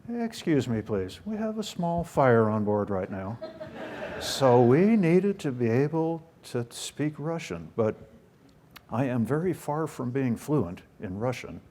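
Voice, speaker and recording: A man's voice: mid-range voice, very animated, takes it slowly, warm tone. Older american guy giving a talk, folksy jokes at his own expense. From United States. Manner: folksy, self-deprecating humor. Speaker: guest speaker. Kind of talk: storytelling talk.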